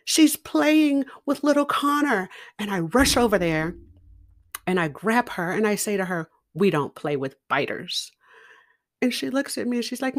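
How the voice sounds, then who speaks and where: A middle-aged woman telling a personal story in a slow, deliberate and expressive way, laughing now and then. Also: mid-range voice. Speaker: podcast guest speaker.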